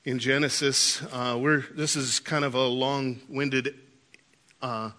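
A man preaching a sermon, telling lively childhood stories and laughing through them. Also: medium pitch, takes it slowly. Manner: animated storyteller, laughs through anecdotes. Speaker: pastor. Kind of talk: sermon with storytelling.

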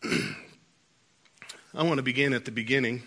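A man preaching a sermon, telling lively childhood stories and laughing through them. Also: mid-range voice, takes it slowly, slightly rough. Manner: animated storyteller, laughs through anecdotes. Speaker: pastor. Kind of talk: sermon with storytelling.

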